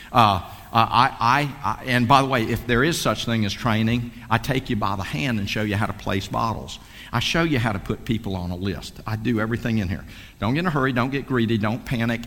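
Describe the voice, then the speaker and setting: A man's voice: mid-range voice, a bit bright. A man giving a fervent, folksy sales pep talk at a meeting, repeating himself and preaching. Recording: long hall reverb.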